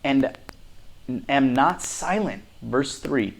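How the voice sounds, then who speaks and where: Slow, lively man reading scripture. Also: mid-range voice, gravelly. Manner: reads verses deliberately with expressive emphasis. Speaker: scripture reader.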